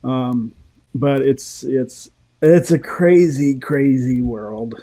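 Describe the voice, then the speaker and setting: A man's voice: mid-range voice, extremely slow, dark tone. A middle-aged man, a voice actor and comedy writer, telling stories in a rambling way and chuckling often in a casual chat.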